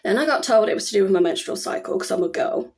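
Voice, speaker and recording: A woman's voice: mid-range voice, animated, fast, darkish tone. Woman in her 30s, chatty and rambly, lots of ums, talking to the camera at home. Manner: chatty, rambling, with many fillers and restarts. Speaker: vlogger. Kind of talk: casual personal talk to camera.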